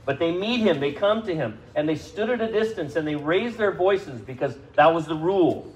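At a church service, a pastor preaches to the congregation in a conversational way, asking them questions and raising his pitch and volume for emphasis. His intonation is lively and his pace moderate, though the audio is poor.

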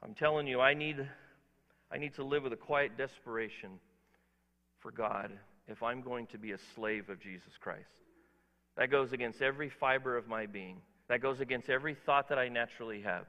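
Bright-voiced preacher man in a big hall. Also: medium pitch, steady tone, normal speed. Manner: emphatic, swings between quiet asides and loud exhortation; preaches directly to the congregation with questions. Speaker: pastor. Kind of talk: sermon.

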